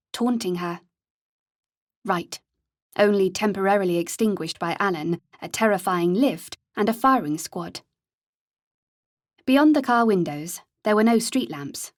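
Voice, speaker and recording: A woman reads scripted audiobook narration with a mid-range voice and an even, measured storytelling delivery. The audio is clean studio sound with no room sound.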